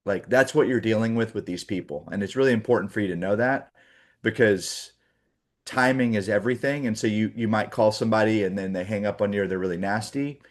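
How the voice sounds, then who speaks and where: A man in his forties gives sales agents a casual morning training talk, full of fillers and acted-out example calls. His voice is fairly low and fairly quick.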